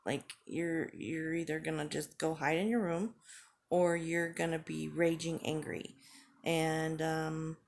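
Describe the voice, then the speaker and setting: A woman in her forties talking candidly to the camera in a halting, earnest way, with frequent pauses and fillers. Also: deep voice, flat delivery. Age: 40s. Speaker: vlogger. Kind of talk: candid personal vlog talk.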